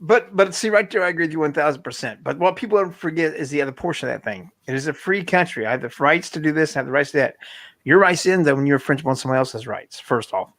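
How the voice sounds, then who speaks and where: A fast-talking man in his forties with a fairly high voice presses his opinions emphatically in casual talk-show chat. The sound is dry and close. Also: expressive, fairly bright tone, no echo. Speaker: podcast co-host.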